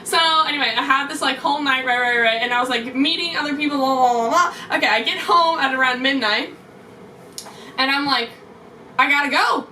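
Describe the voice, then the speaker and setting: Young woman vlogger, bright and sharp, excitable rambling story, faint room hiss. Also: sits high, recorded from a distance. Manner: excitable, fast, many "like"s. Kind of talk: casual storytelling vlog. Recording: roomy echo, off-mic, faint hiss.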